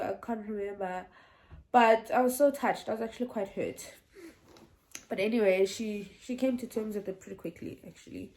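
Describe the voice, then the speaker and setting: A woman's voice: on the high side, warm tone. A young woman telling a casual storytime vlog, chatty and meandering, often restarting and laughing. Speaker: vlogger.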